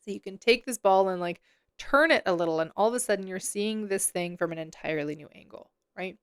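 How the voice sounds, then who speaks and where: A woman's voice: mid-range voice, brisk, a bit bright, clean tone, no echo, studio quality. A woman hosting a solo podcast as a coach, talking casually with lots of fillers and self-corrections.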